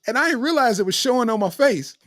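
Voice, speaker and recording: A man's voice: extremely high pitch, lively intonation, fast talker, fairly bright tone, no room sound, studio quality. A middle-aged man hosting a comedy podcast, telling stories in a loose, slangy way and breaking into laughter between lines.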